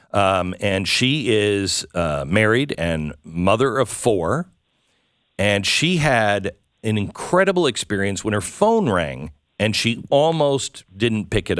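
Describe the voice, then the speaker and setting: Halting, slow-talking male host. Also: lowish voice, fairly bright tone, no room sound, studio quality. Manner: halting, stumbles over words with many fillers. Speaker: radio talk show host. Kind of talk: interview.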